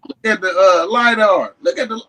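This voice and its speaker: A man with a Tennessee accent showing off maps and artifacts in a casual vlog, animated and emphatic, breaking into shouts. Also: sits high, normal speed, low-quality recording. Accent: Southern US, Tennessee. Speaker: history vlogger. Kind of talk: excited casual show-and-tell.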